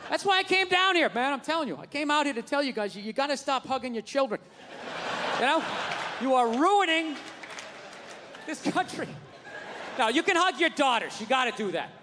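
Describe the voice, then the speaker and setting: Give me a loud ranting male comic, high voice, swearing a lot, live stage recording with crowd noise. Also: animated, brisk. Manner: ranting, profane, often shouting. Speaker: stand-up comedian. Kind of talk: stand-up routine. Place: large hall with a live audience. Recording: hall reverb, audience laughter and noise.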